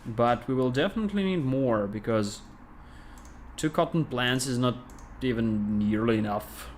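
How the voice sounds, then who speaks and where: A man with a Russian accent, a game developer thinking aloud with many pauses and fillers as he plays on a casual livestream. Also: mid-range voice, animated, a little hiss or hum. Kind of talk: casual livestream gameplay commentary.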